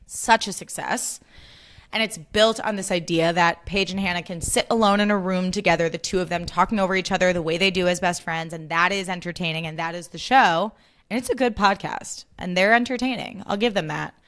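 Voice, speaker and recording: A woman's voice: on the low side, brisk, a bit bright. A woman hosting a solo podcast, ranting casually and getting worked up, swearing freely. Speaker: podcast host.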